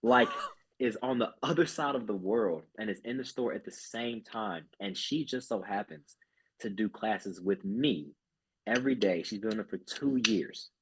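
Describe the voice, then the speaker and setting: A man's voice: on the low side, lively intonation, normal speed, a bit bright, breathy edge. A man who is a group fitness instructor, talking earnestly as a podcast guest and often restarting his sentences. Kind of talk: casual podcast chat.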